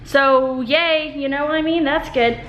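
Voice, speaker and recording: A woman's voice: high-pitched, steady tone, normal speed, lo-fi sound. A young woman vlogging in a casual, rambling chat to the camera, filling her talk with "like". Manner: chatty, rambling, fills with "like". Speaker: family vlogger.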